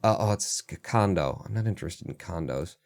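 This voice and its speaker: A man's voice: low-pitched, animated, brisk, vocal fry, darkish tone. A man livestreaming, rambling through casual commentary in a sardonic and profane way. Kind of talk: casual live-stream commentary.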